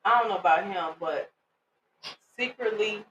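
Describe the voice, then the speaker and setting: A woman's voice: mid-range voice, measured pace, a bit bright, dull audio, slight background noise. A middle-aged woman co-hosting a podcast, joking with conspiratorial asides in casual chat. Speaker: podcast co-host.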